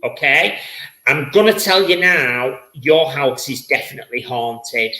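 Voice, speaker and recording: A man's voice: medium pitch, unhurried, bright, forceful tone, roomy sound, rough recording. A man hosting a live-streamed spirit reading as a psychic medium, chatty and effusive, often repeating his words.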